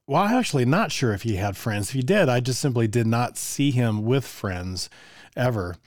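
An older man, a music teacher, telling stories from his classroom in a relaxed, conversational way with frequent chuckles and asides to the listener. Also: medium pitch, normal speed, dry recording, clean studio sound. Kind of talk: casual storytelling.

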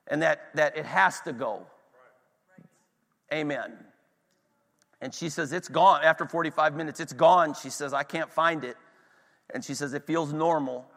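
A man's voice: a little high, pushed and bright. Impassioned preacher man in a reverberant hall. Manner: impassioned storytelling to a congregation, asks "are you with me". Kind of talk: sermon.

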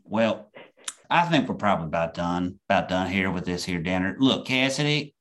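A man's voice: low voice, animated, moderate pace, a bit bright. A man voicing a sanctimonious churchgoing uncle at family dinner, with a put-on Southern accent. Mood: preachy.

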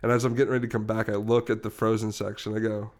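A man's voice: lowish voice, level tone, rapid-fire, a little mellow. Young man rambling through a funny story. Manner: rambling, laughs often while telling a story. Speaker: podcast co-host. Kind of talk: casual storytelling chat.

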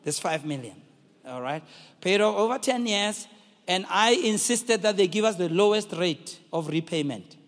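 A middle-aged man with a South African accent preaching a sermon, telling a story and calling out to the congregation in shouted, sung-out bursts. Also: sits high, expressive, moderate pace, in a large hall. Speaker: pastor.

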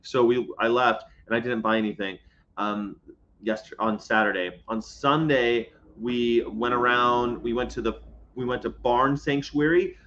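A vegan livestreamer, sitting inside a parked box truck, chats casually in a mid-range, fairly bright voice at an unhurried pace. He rambles and jokes while reading viewer comments aloud and answering them. The sound is lo-fi with slight background noise.

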